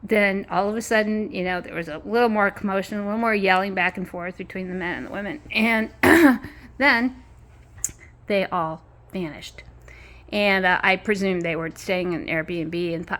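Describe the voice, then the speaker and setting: Woman, casual vlog chat, rambling, light laughs, mid-pitched voice, outdoor courtyard. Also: moderate pace, fairly bright tone. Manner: chatty, meandering, frequent small laughs. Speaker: vlogger. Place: apartment complex courtyard outdoors.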